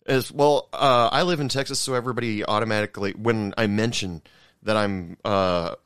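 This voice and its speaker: A man from Oregon hosting a casual podcast conversation, talking haltingly with many fillers and restarts. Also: on the low side, steady tone, a bit bright, clear, resonant tone, no echo, studio quality. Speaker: podcast host.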